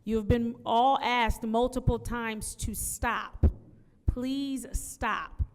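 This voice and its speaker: A woman's voice: a little high, fairly even intonation, slow pace, in a large hall. A woman chairing a council meeting, firm and procedural as she keeps order. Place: council chamber.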